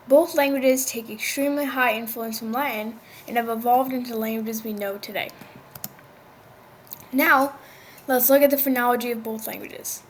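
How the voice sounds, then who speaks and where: A woman with a fairly high voice reads out a language lesson from a script. She explains step by step in an even, instructive way. Now and then she stumbles and restarts a word. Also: a little hiss or hum. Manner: reads a prepared script, with small slips and restarts. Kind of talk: scripted educational narration.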